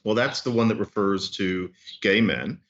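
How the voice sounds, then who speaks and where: A man who is an author and linguist, explaining things in an animated, storytelling way as a podcast guest. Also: on the low side, moderate pace, muffled recording. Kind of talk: explanatory interview talk.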